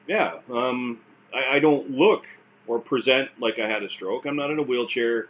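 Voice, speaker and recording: A man's voice: mid-range voice, moderate pace, fairly bright tone, muffled recording, slight background noise. A man with a Canadian accent talking casually to camera, wry and self-deprecating, with frequent fillers and restarts. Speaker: vlogger recounting stroke recovery.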